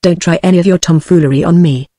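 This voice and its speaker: A woman's voice: fairly low pitch, fast, dark tone, no echo, studio quality, natural voice. A computer-generated woman's voice with a British English accent reading the short, faltering replies of a guarded older woman farmer.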